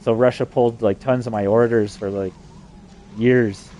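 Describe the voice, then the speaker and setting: A man's voice: mid-range voice, steady tone, moderate pace, mellow, highs cut off, slight background noise. A man from New Mexico delivering an agitated, profanity-laden rambling monologue. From New Mexico, USA.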